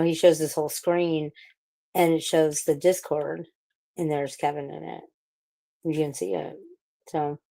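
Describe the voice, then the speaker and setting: Lowish-voiced woman ranting profanely. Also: darkish tone. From St. Louis, USA. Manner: profane, ranting, rambling with restarts. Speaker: livestream panel participant. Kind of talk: casual livestream chat.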